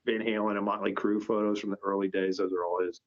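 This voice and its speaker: Talking at a quick pace in a lowish, flat voice, a company founder on a podcast shares casual stories. He rambles and restarts often, and the podcast audio is dull and lo-fi.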